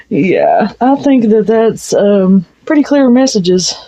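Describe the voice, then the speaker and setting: A woman reads tarot in an unhurried, drawn-out way, talking bluntly and cursing without a second thought. Her voice is mid-pitched and comes through a dull, lo-fi recording. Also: mellow. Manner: blunt and frank, swears freely. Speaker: tarot reader. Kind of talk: casual tarot reading. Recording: dull lo-fi sound.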